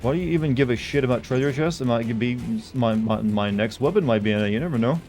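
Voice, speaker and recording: A man's voice: medium pitch, fast talker, a little mellow. Man rambling profanely over his gameplay. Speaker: streamer. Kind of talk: casual live-stream gaming commentary. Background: faint game music.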